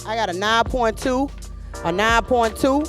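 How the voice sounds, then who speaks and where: A woman's voice: fairly high pitch, measured pace. A woman hosting a live poetry slam, chatting casually and urging the crowd to clap. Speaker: event host. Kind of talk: emcee banter at a poetry slam. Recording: music playing behind.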